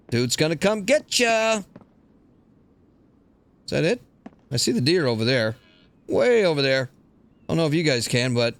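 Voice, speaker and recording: Guy doing let's play commentary, kinda high voice, rambly and crude, loud game noise. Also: sing-song, normal speed, pauses often. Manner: rambling, crude, jokey, talks to himself. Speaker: gaming channel host. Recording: loud game sounds behind.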